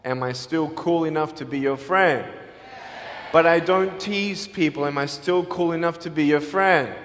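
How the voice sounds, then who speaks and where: A man with an Australian accent giving a live motivational speech, telling his story emphatically and swinging between loud and hushed. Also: on the high side, a little slow, a little hiss or hum. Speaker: motivational speaker. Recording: long hall reverb.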